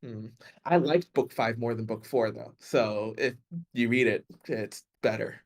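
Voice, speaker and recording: A man joining a book club livestream as a guest, talking in a hesitant, halting way. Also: medium pitch. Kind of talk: casual chat.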